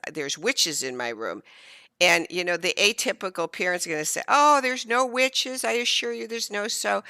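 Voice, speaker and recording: A woman in her fifties, a sleep educator, telling a parenting story in an interview and acting out the dialogue in lively bursts. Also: deep voice, gravelly, dry recording. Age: 50s. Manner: animated, acts out quoted dialogue.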